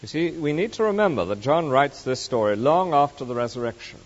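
Male preacher, sermon, measured storytelling, expressive rise and fall, dull recording. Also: fairly high pitch. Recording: muffled recording with long hall reverb.

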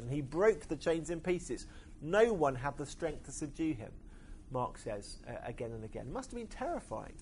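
A man's voice: on the high side, a little mellow, a little hiss or hum. Hesitant man preaching a sermon. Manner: hesitant, many fillers.

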